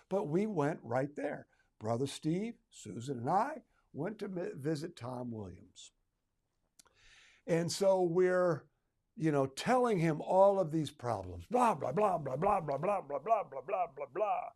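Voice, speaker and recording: A man's voice: on the high side, big pitch swings, unhurried, a little mellow. A middle-aged man, a retail trainer, telling a personal story to retailers in a conversational way, with asides and humor.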